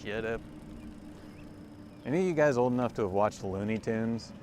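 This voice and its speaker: A man's voice: on the low side, moderate pace, a little mellow. A man in his forties chatting casually with viewers while riding a bike outdoors, rambling and self-amused. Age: 40s. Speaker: livestreamer. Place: outdoors on a cargo bike by a lake. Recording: outdoor ride with clear background noise.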